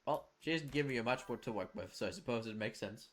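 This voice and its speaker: A man's voice: medium pitch, animated, fast, slight background noise. A man streaming a game, reading the narration and joking around playfully.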